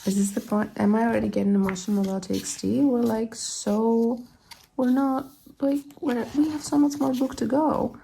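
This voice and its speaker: Gushing woman with a gravelly, mellow voice. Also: on the high side, fairly even intonation, moderate pace, slight background noise. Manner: gushing, rambling, giggly. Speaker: K-pop album collector. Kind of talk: casual unboxing chat. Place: at home, living in London.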